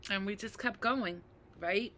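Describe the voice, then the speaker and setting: Slow, earnest woman with a bright voice. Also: mid-range voice, slight background noise. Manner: earnest, often asks "right?"; addresses viewers as "you guys". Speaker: mental health advocate. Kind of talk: personal talk to camera.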